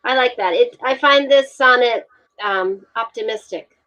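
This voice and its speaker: A woman's voice: fairly high pitch, unhurried, pushed and bright. A woman talking casually about wine and sonnets on a livestream, chatty and hesitant with fillers and restarts. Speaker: wine guest. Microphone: video call. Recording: dull lo-fi call audio.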